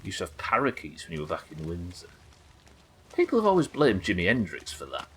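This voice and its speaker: A man's voice: deep voice, huge pitch swings, fairly quick, a bit bright, slight background noise. A young English man chatting casually and rambling while streaming a game, swearing now and then. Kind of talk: casual live-stream chat while gaming.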